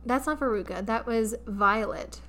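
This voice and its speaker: Animated woman telling a playful story. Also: on the high side, normal speed. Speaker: podcast co-host. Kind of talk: casual podcast chat.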